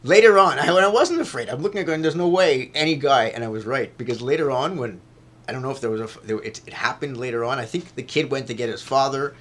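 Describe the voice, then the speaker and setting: A man's voice: mid-range voice, animated, quick pace. Rambling man talking straight to camera. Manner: rambling, repeats himself, swears, grows loud when retelling a fight. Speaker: vlogger. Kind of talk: casual rambling monologue.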